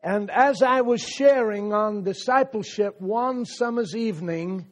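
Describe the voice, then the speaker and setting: A male preacher telling a story in a sermon, speaking in short phrases and pausing for an interpreter. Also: high voice.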